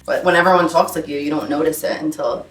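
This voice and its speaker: A woman's voice: low-pitched, fairly even intonation, echoey room, distant mic, poor audio. A woman in her thirties with a New Jersey accent, hosting a casual chat in a chatty, upbeat way. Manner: chatty, upbeat, quick to agree. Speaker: beauty YouTuber host.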